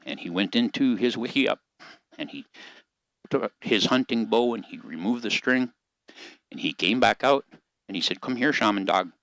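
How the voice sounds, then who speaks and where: Older man telling a slow story. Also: mid-range voice, vocal fry, a bit bright, dry recording, low-quality recording.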